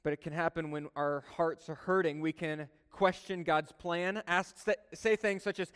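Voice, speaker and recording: Pastor preaching with a smooth, reverberant voice. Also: male voice, fairly high pitch, moderate pace, hardly any pauses. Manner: conversational storytelling, swinging between soft earnest and loud animated. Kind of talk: sermon. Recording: long hall reverb.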